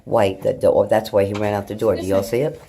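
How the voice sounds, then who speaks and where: Her voice is rumbling low, warm and husky, fast but steady in tone. She's a middle-aged woman vlogging indoors at home with her phone held in hand, rambling to camera, swearing freely and chatting to her pets.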